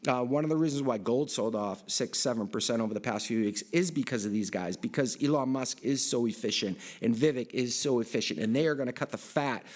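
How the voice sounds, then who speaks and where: Man, middle-aged, conference presentation, rambling, lots of fillers and restarts, mid pitch. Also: a little fast, few pauses. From Boston area, United States. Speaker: conference speaker. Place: large conference hall.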